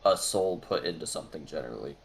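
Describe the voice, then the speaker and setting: A man's voice: rumbling low, expressive, fast. A man narrating a tabletop game as game master, with many hesitant fillers.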